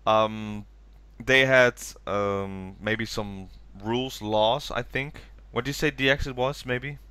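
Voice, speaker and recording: A man's voice: mid-range voice, fairly even intonation, slow, sharp tone, clear, resonant tone, no room sound. A tired man co-hosting a podcast, rambling through a recap of a TV special and acting out quoted lines in raised voices. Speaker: podcast co-host. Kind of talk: casual chat recapping a TV special.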